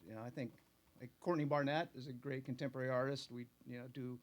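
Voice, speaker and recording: A middle-aged man, singer and songwriter of a country band, talking in a relaxed, soft-spoken way with many fillers in a radio studio interview. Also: mid-range voice, fast talker. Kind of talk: radio interview and live song. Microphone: studio microphone. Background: his own country band playing live.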